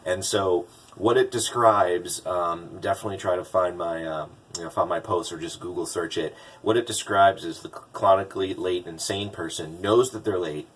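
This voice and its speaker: Low husky man, conversational. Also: normal speed, hardly any pauses. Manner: conversational, frequent restarts, animated when quoting others. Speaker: business coach. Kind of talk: casual vlog commentary. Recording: distant mic.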